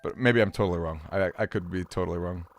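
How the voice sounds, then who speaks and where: A man's voice: low voice, fast, faint music behind. A man streaming a game, chatting casually and rambling with fillers as he answers his chat.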